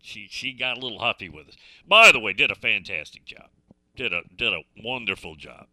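A man's voice: fairly low pitch, animated, a little fast, bright, forceful tone, no echo. A middle-aged man hosting a radio talk show, telling a folksy story in a chatty way that repeats and restarts phrases. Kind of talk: casual storytelling chat.

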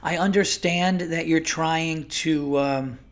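A man mimicking a fake-nice, stone-cold female airline agent with calm, scripted politeness. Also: low voice, takes it slowly. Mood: fake polite.

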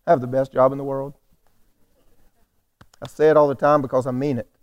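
A man's voice: medium pitch, flat delivery, a little fast, darkish tone, dull audio. A male pastor delivering a sermon with emphatic, repetitive phrasing that builds toward calls for the congregation to respond.

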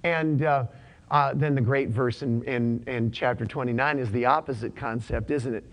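A man's voice: mid-range voice, fairly even intonation, moderate pace. A pastor delivering a conversational sermon, often repeating his points and using casual slang.

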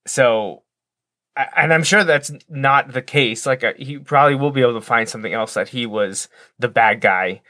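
A man's voice: medium pitch, moderate pace, pushed and bright, dry recording. Chatty man rambling over a movie. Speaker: podcast co-host. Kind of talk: casual chat watching a movie.

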